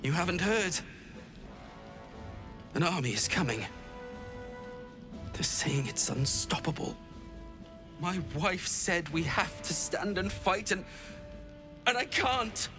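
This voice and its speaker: A man's voice: high voice, animated, takes it slowly, pauses often. An actor playing a frightened young male soldier deserter who pleads and stammers nervously, in game dialogue. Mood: fearful. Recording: game audio with music behind.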